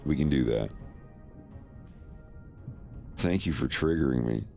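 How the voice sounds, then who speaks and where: Very deep, gravelly male streamer. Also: slow, dark tone, soft background music. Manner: wry, playful remarks while watching. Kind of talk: casual stream commentary.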